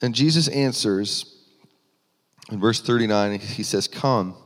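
Speaking at a measured pace in a lowish voice, a male pastor delivers an earnest sermon in a reverberant hall. He restarts frequently and his voice rises for emphasis.

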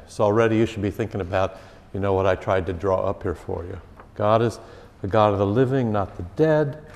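A man's voice: fairly low pitch, gravelly, a little mellow. A man, a pastor, teaching a catechism class in a conversational way and repeating key phrases for emphasis. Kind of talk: informal teaching talk. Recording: long reverb of a hall.

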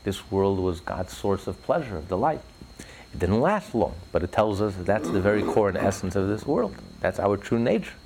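Gravelly fervent male preacher. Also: on the low side, big pitch swings, moderate pace, a crowd in the background. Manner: fervent, builds to rising emphatic peaks. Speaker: religious speaker. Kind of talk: impassioned religious talk.

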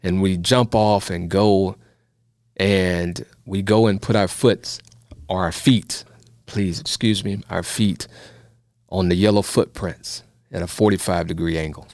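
A man's voice: deep voice, fairly even intonation, unhurried, a little mellow, no echo, clean studio sound. A man, a minister, telling his own story in a sermon and encouraging his listeners. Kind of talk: testimony sermon.

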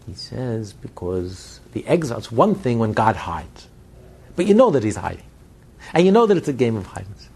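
A man teaching a Hasidic text in a spoken lecture. He builds emphatic runs of repeated phrases, then drops to quiet, low asides. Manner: swings between loud stress and low, quiet asides. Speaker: Torah teacher.

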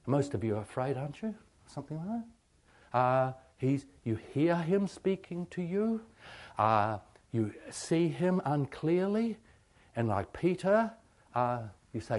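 A man preaching a sermon on meditation, halting with many ums and asking rhetorical questions. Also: on the high side, sing-song, darkish tone. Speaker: pastor.

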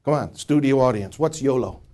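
A man's voice: medium pitch, normal speed, warm tone. A middle-aged man teaching from the Bible to a studio audience, asking questions and restarting his words often. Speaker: preacher.

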